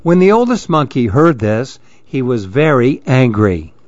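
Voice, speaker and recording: Slow, sing-song male storyteller. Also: mid-range voice, no echo. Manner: expressive, sing-song reading. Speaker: narrator. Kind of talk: storybook reading. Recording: dull dry close recording.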